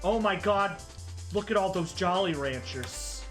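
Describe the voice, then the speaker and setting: A woman streaming a game, chatting casually in an excitable, exclamatory way with casual swearing. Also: medium pitch, measured pace, soft background music.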